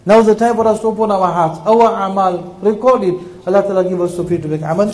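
Impassioned high-voiced male preacher. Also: fairly even intonation, quick pace, low-quality recording. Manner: impassioned, swinging between loud and hushed; storytelling with moral appeals. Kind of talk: sermon.

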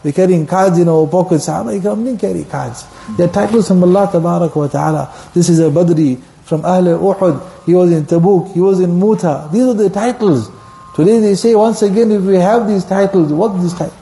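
A man delivers a sermon at a fast clip, his voice pitched high yet very dark and mellow in tone. He tells his stories with passion, slipping between English and Arabic phrases and quick recitation. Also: gravelly. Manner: impassioned storytelling, mixing English with Arabic phrases and Quranic recitation. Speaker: preacher.

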